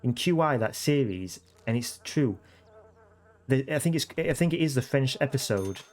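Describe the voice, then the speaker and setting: A man's voice: mid-range voice, expressive, normal speed, a little mellow. A man chatting casually with livestream viewers from his home computer room, repeating phrases and correcting himself as he goes.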